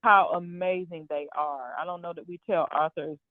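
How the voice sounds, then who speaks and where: A woman guest in a casual conversation who speaks earnestly and with warm affirmation. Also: on the low side, fairly even intonation, normal speed, dry recording. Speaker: podcast guest. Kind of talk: casual chat. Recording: tinny phone-like remote line.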